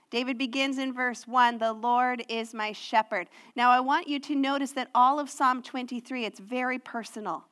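Woman preacher giving a sunday sermon, a bit higher voice, soft and earnest. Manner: slows and softens to read scripture.

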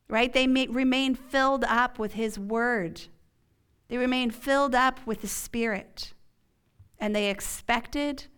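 Woman pastor, sermon, slightly high and clear voice, unhurried emphatic delivery. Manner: earnest, slow and emphatic, dropping to a hushed whisper at key points. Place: church.

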